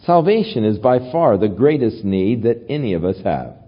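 A man preaching a sermon as pastor, teaching from the Bible in a measured way. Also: on the low side, very animated. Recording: dull lo-fi recording.

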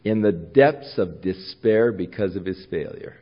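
A man's voice: sits low, lively intonation, a little slow, slightly rough, dull audio. A male pastor giving a conversational sermon, retelling scenes and repeating himself.

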